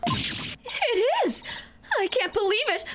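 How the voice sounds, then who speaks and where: A woman's voice: very high voice, takes it slowly, slight background noise, pitched above the performer's own voice, full character voice. A woman voicing a spirited young lawyer. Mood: excited. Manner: excitable, emphatic. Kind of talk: fan voice dub of a game.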